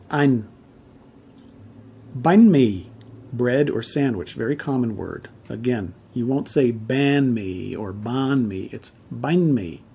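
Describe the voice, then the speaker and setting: A man with a husky, slightly breathy voice at an ordinary pitch, teaching pronunciation. He talks patiently, stops to sound out examples slowly and repeats them so learners can copy. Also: darkish tone. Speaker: language teacher. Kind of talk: explaining pronunciation to camera.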